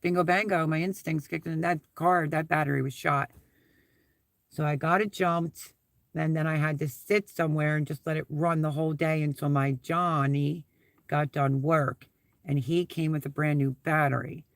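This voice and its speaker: A man's voice: on the high side, fairly even intonation, moderate pace, creaky, no room sound, studio quality. A man hosting a casual live stream from inside his SUV, rambling through stories and repeating his thanks while he reads out viewer comments.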